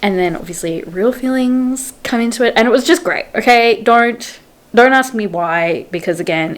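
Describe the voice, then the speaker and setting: A young adult woman vlogging casual book-review chat, retelling scenes in quotes and saying "like" often. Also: medium pitch.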